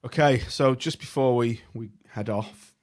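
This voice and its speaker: A man's voice: mid-range voice, a little slow. A man hosting a casual podcast chat, speaking hesitantly with many fillers. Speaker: podcast host.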